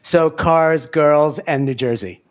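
A man hosting an interview podcast, talking in an animated way and laughing often. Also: on the high side, slow pace, soft background music. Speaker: podcast host. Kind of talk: conversational interview.

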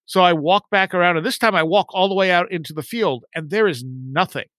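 A man in his forties telling a story in a casual chat, rambling and lively when he quotes his friends. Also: high voice, fairly quick, no echo.

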